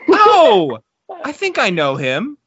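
A man on a podcast, cracking deadpan jokes and quoting others in animated put-on voices. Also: mid-range voice, normal speed, dull audio. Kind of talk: casual comedic banter.

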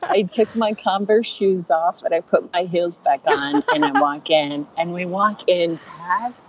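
A woman comedian telling a funny story on a podcast, chatty and animated, acting out the voices of the people in it. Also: on the low side, unhurried, crowd noise, low-quality recording. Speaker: stand-up comedian and rideshare driver.

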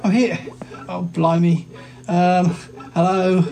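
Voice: medium pitch, level tone, slow pace, gravelly, mellow, soft background music. A performer voicing Paul, a shy yeti shrunk very small, stammering and flustered.

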